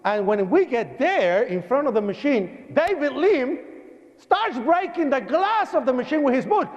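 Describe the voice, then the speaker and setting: Animated Puerto Rican man in echoing hall. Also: very high voice, measured pace. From Puerto Rico. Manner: animated storyteller acting out dialogue. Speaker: speaker. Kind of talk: personal testimony speech. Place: church hall. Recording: dull broadcast audio with long hall reverb.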